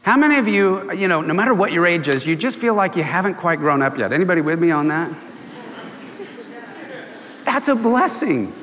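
A man preaching a sermon in a church, animated and often laughing, acting out the voices of people in his story. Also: high voice, moderate pace, long pauses, long reverb tail. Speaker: pastor.

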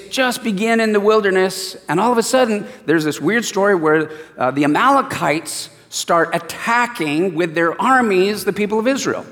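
A man preaching a sermon and reading scripture, an animated storyteller who acts out the voices. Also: high-pitched, long reverb tail.

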